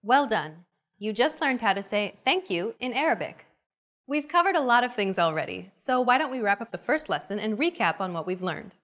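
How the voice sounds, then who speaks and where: A woman's voice: on the high side, sing-song, moderate pace, fairly bright tone. A young adult woman hosting a language lesson, with a scripted, upbeat coaching delivery.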